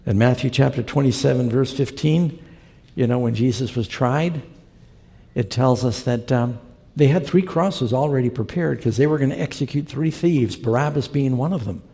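Man preaching, gravelly, mellow dark tone, earnest storytelling, long hall reverb. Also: medium pitch, moderate pace. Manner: earnest, conversational storytelling with scripture quotes. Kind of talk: sermon with storytelling.

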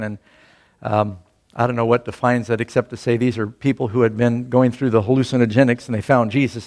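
An older man preaching a sermon, telling a personal story in a conversational way and raising his voice to quote scripture and other people. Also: mid-range voice. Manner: conversational, rising loudly for quoted scripture and speech. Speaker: pastor.

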